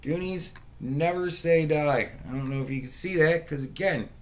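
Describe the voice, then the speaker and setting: A man's voice: on the high side, moderate pace, slight background noise. A man hosting a casual live stream, rambling and swearing, greeting viewers by name and poking fun at people with mocking impressions. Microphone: webcam setup with mic.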